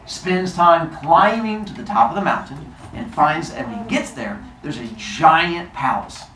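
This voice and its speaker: An animated male teacher tells a myth to his class in a casual, joking way and keeps dropping in asides. His pitch swings widely as he talks. He is recorded from a distance in an echoey classroom, with faint noise behind him. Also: a little slow. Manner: animated, jokey retelling with asides. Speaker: teacher and storyteller.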